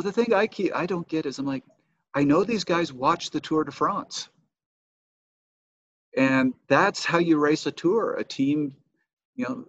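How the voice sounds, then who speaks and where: A man, a cycling coach and former racer, telling race stories in a measured, explanatory way as a podcast guest. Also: on the high side, no echo. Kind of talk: casual interview storytelling. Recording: dull, dry lo-fi remote audio.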